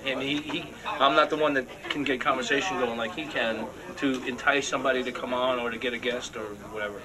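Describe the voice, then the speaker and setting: A man's voice: medium pitch, fairly even intonation, brisk, crowd noise. Stammery engineer guy on a radio show, mid voice, people chattering behind him. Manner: hesitant, stammering. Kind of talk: casual studio banter.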